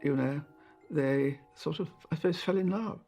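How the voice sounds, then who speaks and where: A woman's voice: sits low, normal speed. Older woman, documentary interviewee, chatty storyteller, faint music bed. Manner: chatty, anecdotal, with fillers and soft laughs. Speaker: interviewee, former lady-in-waiting. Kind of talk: reminiscing in an interview.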